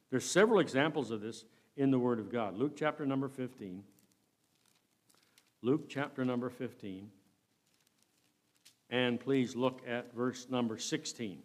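A man preaching a sermon, reading King James verses aloud and swinging between loud and soft delivery. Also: mid-range voice.

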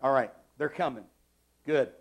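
A man in his forties preaching a sermon in a church, stressing key phrases by repeating them and swinging between loud and soft. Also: mid-range voice, a little slow, gravelly, husky. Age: 40s. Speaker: pastor. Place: church sanctuary.

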